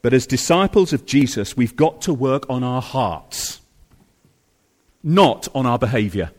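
A male preacher delivering a sermon with a lively, swooping pitch, repeating key phrases for weight. He drops to hushed, low lines and then climbs back up to stress his point. The sound rings with a long reverb, as in a church hall. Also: a little slow. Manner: emphatic, repeats phrases, swings from soft to loud.

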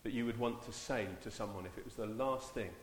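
A man leading a church service in an informal, halting way, often repeating his words. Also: lowish voice, slight background noise. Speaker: church leader. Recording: echoey church hall, far mic.

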